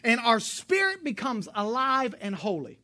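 A woman preaching a sermon in a lively, emphatic way, with joking asides and sudden bursts of loud emphasis. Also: fairly high pitch, a little slow.

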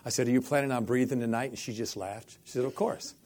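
Man telling an animated faith story. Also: mid-range voice, fast talker. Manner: animated storyteller, acts out quoted dialogue, repeats "I said". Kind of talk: storytelling interview.

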